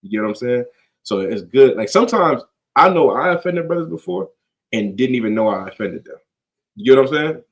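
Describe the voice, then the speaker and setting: A man's voice: mid-range voice, very animated, fairly quick. A man leading a casual scripture study in a conversational, slangy way, often checking in with "you get what I'm saying.".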